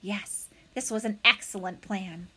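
A woman reading a children's novel aloud as narrator, with expressive storytelling. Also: medium pitch, unhurried, husky.

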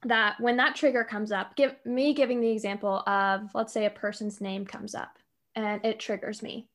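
A woman's voice: mid-range voice, steady tone, normal speed, a bit bright. A young woman co-host chatting casually and sharing her own examples in a friendly way. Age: young adult. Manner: friendly, relates personal examples. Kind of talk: casual chat.

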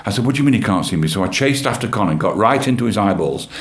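A man with a fairly low voice tells his story of faith in a guest interview, earnest and animated, circling back over his own words as he goes. The room around him adds a noticeable echo. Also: racing. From England. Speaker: church leader and guest. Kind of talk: personal testimony in an interview. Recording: roomy echo.

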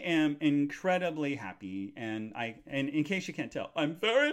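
A man hosting a live podcast, rambling with lots of fillers and restarts, excitable and bursting into joyful shouts. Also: fairly high pitch, normal speed, few pauses. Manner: excitable, shouts and squeals with joy. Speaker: podcast host.

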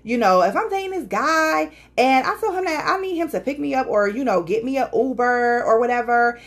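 A woman with a high voice and a slightly fast pace co-hosts a casual podcast chat. She tells stories animatedly, acting out what other people said by quoting them in playful voices.

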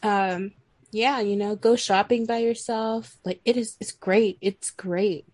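A woman's voice: medium pitch, steady tone, takes it slowly, a little mellow, dry recording. A young woman from Houston chats loosely on a podcast, swearing freely and drifting between tangents. Her voice sits in a middle range. The sound is dry and close to the mic. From Houston, Texas. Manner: rambling, profane, chatty. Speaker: podcast co-host. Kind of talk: casual chat.

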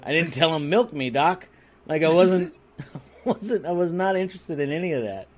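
A man telling a story on a podcast in a crude, rambling and animated way, restarting his sentences often. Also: on the high side, normal speed. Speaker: podcast co-host. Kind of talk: casual comedic storytelling.

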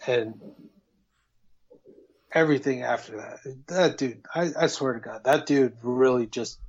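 Profane, excitable man reviewing a film. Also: mid-range voice, a little slow, husky, highs cut off. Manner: profane, excitable, acts out scenes. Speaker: podcast co-host. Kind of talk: casual movie review chat.

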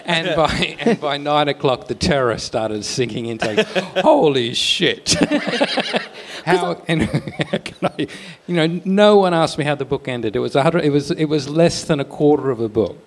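A man's voice: a little high, measured pace. Wry man telling his story. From Australia. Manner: wry, self-deprecating, laughs through his anecdotes. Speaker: author guest. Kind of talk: relaxed panel storytelling.

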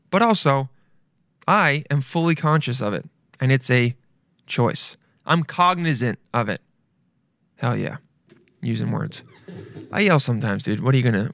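A man's voice: mid-range voice, fairly bright tone, no room sound, clean studio sound. A young man hosting a casual solo podcast, talking in a loose, emphatic way and swearing freely. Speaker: podcast host.

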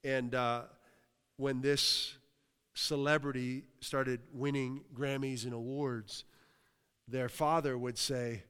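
A man's voice: medium pitch, steady tone, slow, fairly bright tone, smooth. A man from Western Pennsylvania preaching a sermon, breaking in with cries of hallelujah and checking in with the congregation. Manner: exclaims hallelujah, asks the crowd. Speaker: pastor. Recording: long hall reverb.

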